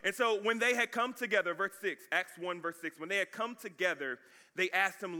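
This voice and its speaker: A man preaching a sermon as pastor, energetic and casual, calling out to his congregation. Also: high-pitched, a little fast.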